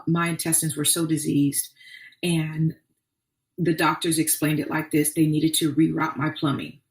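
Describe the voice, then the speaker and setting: A woman hosting a podcast, telling her own story in an earnest, faith-filled way with many restarts. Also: deep voice. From Arkansas. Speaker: podcast host. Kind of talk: personal testimony podcast. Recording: echoey room, distant mic.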